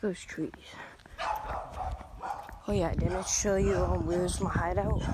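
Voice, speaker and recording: A woman talks slowly and unhurriedly into a handheld phone while out on a walk, rambling from one thing to the next. She drops in goofy sound effects and little singsong noises as she goes. Clear outdoor ambience and noise run behind her. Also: on the low side, steady tone. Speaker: vlogger. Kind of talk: casual walking vlog. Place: outdoors on a walk through town. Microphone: handheld phone camera.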